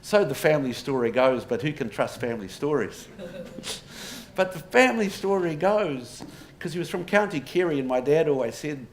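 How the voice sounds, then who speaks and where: A man, his voice sitting a little high for a man, delivers a public lecture as a storyteller. He poses rhetorical questions and slips in dry humour. Faint room noise sits under his voice. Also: animated, moderate pace. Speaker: associate professor giving a public talk. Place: pub before a live audience. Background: audience laughter, faint room noise.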